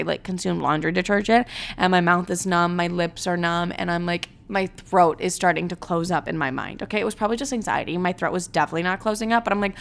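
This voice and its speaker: A woman's voice: medium pitch, fairly quick, a bit bright, clean tone. A young woman telling funny personal stories in a dramatic, swear-filled way, saying "like" constantly. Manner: dramatic, swears often, heavy use of "like". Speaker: storyteller. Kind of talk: comedic storytime monologue.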